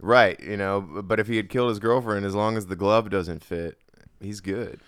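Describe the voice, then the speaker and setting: A man on a podcast making wisecracks and quick joking asides in casual chat. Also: on the low side, fairly even intonation, a bit bright, clean tone, no echo, clean studio sound.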